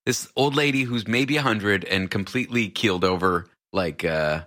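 A man's voice: lowish voice, normal speed, bright, forceful tone. A man hosting a talk show, telling stories in a wry, self-mocking way. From dual citizen. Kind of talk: casual talk show chat.

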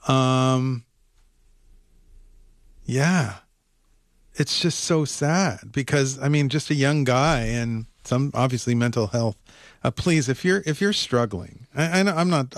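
A man's voice: mid-range voice, dry recording, clean studio sound. A man co-hosting a radio show in casual, rambling chat. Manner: chatty, rambling, easygoing. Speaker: radio co-host.

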